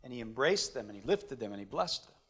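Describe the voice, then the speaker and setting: A man preaching a sermon dramatically, swinging from loud declarations to hushed words and asking his listeners rhetorical questions. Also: mid-range voice, very animated, quick pace, husky.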